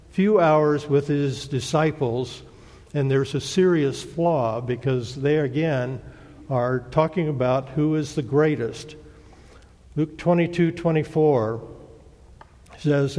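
A man gives a Bible lesson with a gravelly, creaky voice. He talks in a plain, halting way and keeps pausing on "uh" as he explains. His voice rings with a long reverb, as if he were in a large hall. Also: medium pitch, darkish tone. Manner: plain, hesitant teaching with many "uh" fillers. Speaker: Bible teacher.

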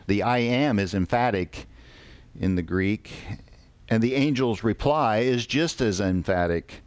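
A man preaching a sermon, reading scripture slowly and deliberately with pauses. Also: on the low side, dry recording.

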